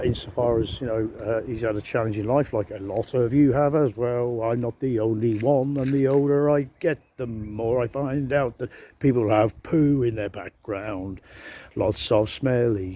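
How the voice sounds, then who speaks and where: A man's voice: medium pitch, warm tone, slight background noise. A middle-aged man, talking to his phone camera in a casual, rambling monologue full of hesitations and self-mocking humor. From England. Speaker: vlogger.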